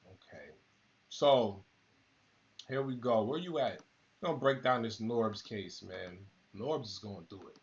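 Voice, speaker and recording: A man's voice: lowish voice, lively intonation, measured pace, lo-fi sound. A man hosting a live stream, talking casually and rambling straight to his viewers. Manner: laid-back, rambling, talks straight to viewers. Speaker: battle rap channel host.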